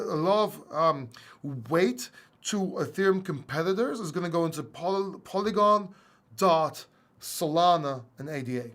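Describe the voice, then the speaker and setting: A man hosting a casual livestream Q&A, with a slight Greek accent, reading viewer questions aloud and chatting back informally. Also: a little high. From England. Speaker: livestream host.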